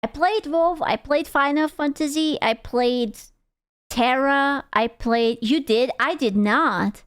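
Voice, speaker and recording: A woman's voice: high voice, slow, dry recording, studio quality. A young woman streamer reacting to a video in casual, crude, jokey commentary, often stumbling and restarting her sentences.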